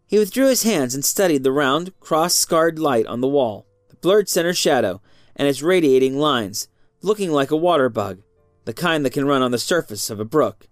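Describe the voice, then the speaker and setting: A narrator giving an expressive reading of a story. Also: mid-range voice, moderate pace, no echo, clean studio sound, soft background music.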